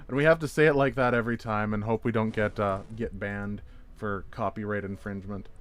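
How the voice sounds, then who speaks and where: A man's voice: on the low side, fairly even intonation, fairly quick. A man streaming a game, chatting casually and rambling as he reacts to viewers' messages with playful jokes. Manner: jokey, playful wordplay. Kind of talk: casual gameplay chat.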